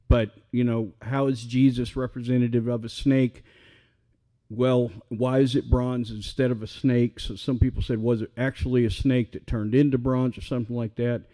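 A middle-aged pastor preaching a sermon in a relaxed, conversational way, often checking in with his listeners. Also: medium pitch. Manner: conversational, asks the audience questions.

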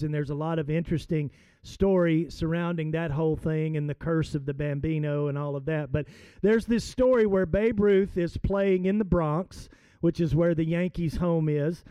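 Male preacher, chatty and halting, slows for emphasis; smooth, dry close sound. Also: sits high, mellow, dry recording. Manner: conversational, hesitant with fillers, slows for emphasis. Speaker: pastor. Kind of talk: sermon with storytelling and scripture reading.

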